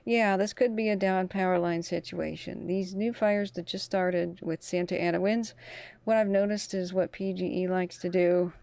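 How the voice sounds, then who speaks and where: A tired woman with a lowish, slightly mellow voice hosts a casual wildfire livestream, chatting away as scanner radio traffic comes through. She's short on sleep, and her tone stays steady at a normal speed with some vocal fry. There's no echo.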